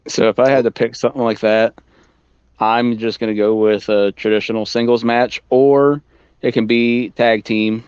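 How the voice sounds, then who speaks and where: A man's voice: mid-range voice, flat delivery, moderate pace, a little mellow, clear, resonant tone, dry recording, muffled recording. A man co-hosting a casual podcast chat, laid-back and full of filler words and casual swearing. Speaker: podcast co-host.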